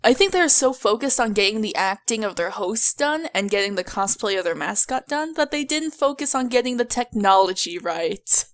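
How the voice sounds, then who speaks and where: A woman's voice: medium pitch, expressive, normal speed, hardly any pauses. A young woman co-hosting a podcast, talking in a laid-back way that often trails off. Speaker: podcast co-host. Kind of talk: casual chat.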